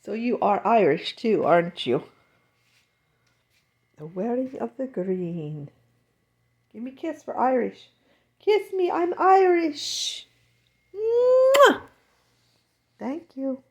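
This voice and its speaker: A woman's voice: mid-range voice, very animated, slow pace, long pauses, darkish tone, husky. A woman chatting to her dog in doting, sing-song baby talk, recorded at home. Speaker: dog owner. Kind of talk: casual talk to her pet.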